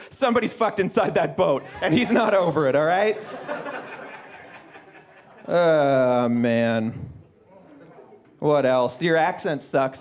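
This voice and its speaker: A man doing a stand-up roast on a comedy club stage, brash and mocking, laughing at his own jokes. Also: high-pitched. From Manitoba, Canada.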